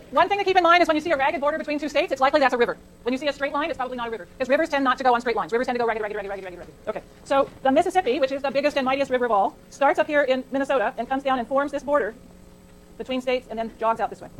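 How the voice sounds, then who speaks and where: A woman's voice: high voice, a little hiss or hum, low-quality recording. A middle-aged woman from California giving a chatty classroom lecture, digressing into anecdotes and asking the class questions. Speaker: college lecturer. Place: lecture hall.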